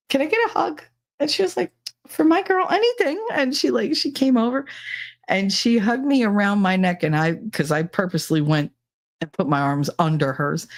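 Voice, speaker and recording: A middle-aged woman co-hosting a podcast, telling stories in casual chat with a blunt, profane and animated manner. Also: fairly low pitch. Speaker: podcast co-host.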